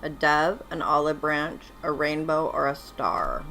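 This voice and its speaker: Female livestream host, deep voice, unhurried quiz questions, chatty. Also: big pitch swings, creaky, fairly bright tone, soft background music. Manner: reads multiple-choice questions slowly and chats between them. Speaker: livestream host running a Bible trivia game. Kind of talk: casual livestream chat.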